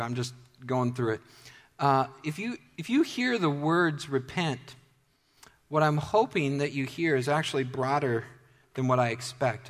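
Male preacher, a touch high-pitched, casual delivery that builds to emphatic lines, long hall reverb. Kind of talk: sermon.

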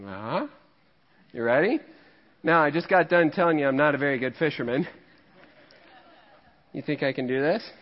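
A man from Missouri, USA, pastors a sermon built around a fishing tale, joking, conversational and laughing at himself often. His voice is on the high side and animated, at a moderate pace with long pauses. The sanctuary recording sounds dull, with a long reverb.

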